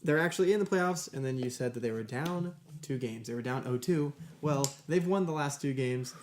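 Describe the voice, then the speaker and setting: A man's voice: medium pitch, brisk, a little mellow, slight background noise. A young man on a casual podcast, joking with his co-hosts in a wry, teasing way. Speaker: podcast co-host. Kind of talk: casual banter.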